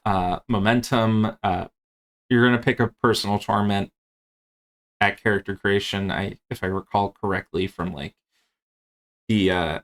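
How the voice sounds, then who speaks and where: Guy with a lowish voice going over rpg rules, loose and rambly, lots of ums. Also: a bit bright, clean tone. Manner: rambling, with many fillers and restarts. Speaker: game master and tabletop game presenter. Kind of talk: casual rulebook walkthrough.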